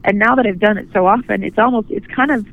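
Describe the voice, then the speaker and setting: A woman guest, a photographer, speaking earnestly and gently in a phone interview, often restarting her sentences. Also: mid-range voice, fast. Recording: tinny phone line.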